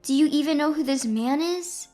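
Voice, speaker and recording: A woman's voice: high voice, moderate pace, mellow, faint music behind, pitched above the performer's own voice, lightly acted. A woman voicing an anxious woman at a hospital who speaks urgently and scolds in a storybook drama.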